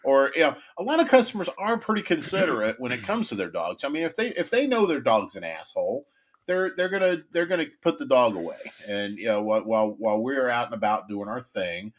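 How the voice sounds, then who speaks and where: A man's voice: medium pitch, big pitch swings, a little fast. Man, podcast co-host, meandering anecdote style, filler-heavy, easygoing. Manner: rambling, lots of fillers and laughs. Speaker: podcast co-host, pest control tech. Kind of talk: casual podcast storytelling.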